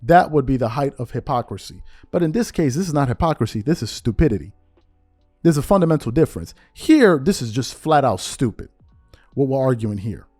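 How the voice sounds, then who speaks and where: A man's voice: medium pitch, expressive, brisk, darkish tone, faint music behind. A man hosting a commentary show, giving emphatic, opinionated sports commentary in a slangy, conversational way and firing off repeated rhetorical questions.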